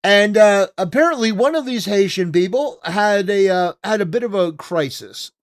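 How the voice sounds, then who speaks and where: A man's voice: high-pitched, expressive, moderate pace. Ranting male live-stream host. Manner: casual, profane, ranting, many "you know" fillers.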